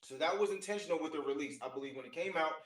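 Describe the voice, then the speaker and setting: Eager podcast guy, slightly high voice, sounds echoey and off the mic. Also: rapid-fire, distant mic. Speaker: podcast co-host. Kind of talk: casual podcast chat.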